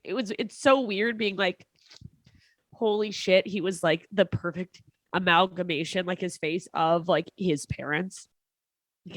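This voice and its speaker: Woman comedian, low-ish voice, chatty storytelling full of fillers and restarts, dry close mic. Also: dry recording. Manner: halting, many fillers and restarts, laughs between lines. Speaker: comedian guest. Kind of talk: casual personal storytelling.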